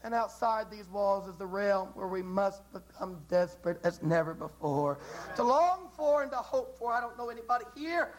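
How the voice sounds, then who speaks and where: Male preacher, high tenor voice, fervent and repetitive delivery, sermon style. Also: animated, normal speed, hardly any pauses, poor audio. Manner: impassioned, repetitive, with dramatic rises.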